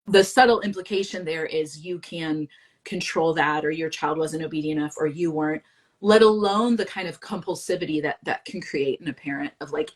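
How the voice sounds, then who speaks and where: A woman co-hosts a relaxed live-stream conversation in a husky, somewhat low voice. She talks her thoughts through, with hedges and self-corrections along the way. The tone is reflective and conversational. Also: fairly quick. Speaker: co-host. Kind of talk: casual discussion on a live stream.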